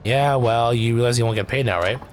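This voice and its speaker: A man's voice: medium pitch, brisk, a little hiss or hum, natural voice. A man voicing a rude, demanding woman taxi passenger who complains and scolds in a raised, haughty voice. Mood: scolding.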